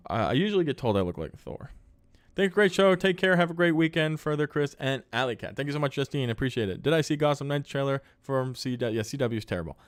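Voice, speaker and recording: A medium-pitched, animated man talks quickly on a dry recording as he hosts a laid-back live podcast. Reading comments from viewers, he thanks them and answers questions off the cuff in a bright, conversational tone.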